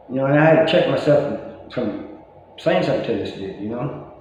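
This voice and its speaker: A man's voice: medium pitch, normal speed, darkish tone. A middle-aged man casually telling stories, rambling and full of "you know" asides, chuckling at himself now and then. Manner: chuckles at his own stories. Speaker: vlogger talking about life after prison. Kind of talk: casual storytelling monologue. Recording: very echoey, dull lo-fi room sound with faint noise.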